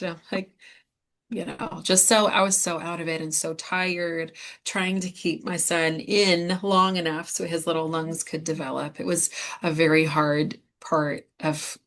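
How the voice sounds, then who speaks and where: Low-voiced woman sharing a personal story. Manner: candid, halting, with many fillers. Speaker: guest medium.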